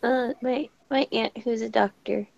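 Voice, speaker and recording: A woman's voice: fairly high pitch, steady tone, measured pace, gravelly, darkish tone, no echo, dull audio. A woman of twenty in a casual podcast chat, chatty and self-deprecating, swearing casually.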